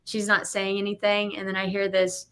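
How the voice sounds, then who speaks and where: Young adult woman, gym owner on a casual podcast, bright lively storyteller. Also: medium pitch, normal speed. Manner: animated storyteller, acts out quotes.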